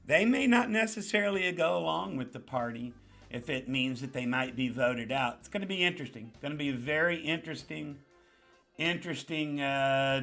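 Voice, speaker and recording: A man's voice: medium pitch, vocal fry, a bit bright. A man with a New York accent hosting a casual live chat, greeting viewers by name and repeating points for emphasis. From the Bronx. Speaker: livestream host.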